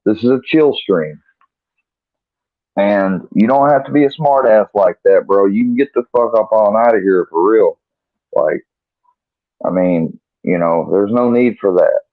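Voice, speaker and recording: A man's voice: fairly low pitch, unhurried, no room sound. A man hosting a live stream, chatting casually and bluntly to his viewers with plenty of swearing. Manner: laid-back and profane, talking straight to viewers. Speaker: livestream host. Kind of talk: casual livestream chat. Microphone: laptop mic. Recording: dry, tinny phone-like sound.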